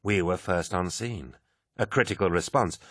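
A man's voice: deep voice, moderate pace, fairly bright tone, husky, dry recording, studio quality. A man voicing a proud, indignant male equerry who speaks formally.

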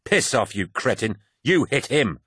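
A man's voice: sits low, lively intonation, a little fast, no room sound, studio quality, full character voice. A man voicing a fierce young woman. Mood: furious. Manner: plain and earnest, turning to loud shouts when attacked. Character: fierce young woman, former skeptic turned believer. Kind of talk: audiobook character voice.

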